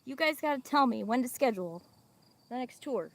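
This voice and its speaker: A chatty woman with a Midwestern accent hosts a casual livestream while walking her farm, laughing easily and talking to her animals. Her voice has a gravelly, fry-laced edge. Insects and crickets chirp outside around her. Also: sits high, lively intonation, a little fast. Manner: chatty, laughs often, talks to chat and animals. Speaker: livestream host. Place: outdoors on a farm.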